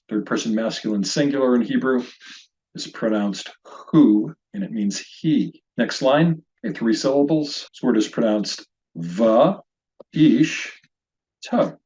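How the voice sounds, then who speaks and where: A middle-aged man leads an online Biblical Hebrew lesson, breaking words into syllables and pronouncing each one slowly and deliberately. His voice sits at an ordinary male pitch. The recording is slightly muffled and lo-fi. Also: dark tone. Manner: slow, deliberate pronunciation drills. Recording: slightly dull lo-fi audio.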